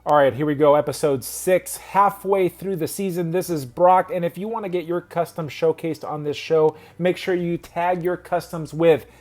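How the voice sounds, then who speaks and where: A man's voice: on the high side, fairly even intonation, moderate pace, hardly any pauses, darkish tone. A man hosting a casual video about custom action figures, rambling and correcting himself as he goes. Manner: rambling, self-correcting, chatty.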